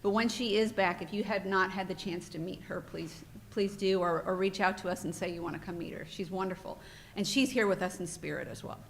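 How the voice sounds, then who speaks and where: A woman's voice: lowish voice, steady tone, brisk, vocal fry, a little hiss or hum. Woman giving heartfelt conference welcome. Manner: warm, heartfelt, a bit off-script and emotional. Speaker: board president giving welcome remarks. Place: hotel conference room.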